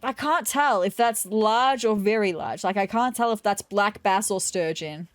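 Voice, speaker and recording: A woman's voice: medium pitch, normal speed, no room sound. A woman gaming YouTuber chatting casually and digressively over her gameplay, laughing easily.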